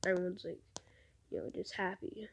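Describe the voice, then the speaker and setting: A woman's voice: lowish voice, steady tone, normal speed, creaky, husky. A woman casually retelling an invented fan story, rambling through events and recounting dialogue with "he's like", often dropping to a near whisper.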